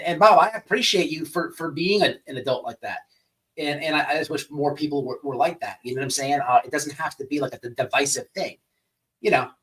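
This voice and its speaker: Heard through a distant mic, a man with a fairly high voice hosts a casual livestream. He's an animated, profane storyteller who rambles through his tales and greets people in the chat.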